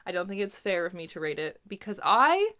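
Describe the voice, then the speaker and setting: A woman's voice: medium pitch, big pitch swings, a little fast, pushed and bright. A young woman from Canada chatting casually about books she has read, laughing often and filling her talk with little asides. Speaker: booktuber. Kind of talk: casual book review chat.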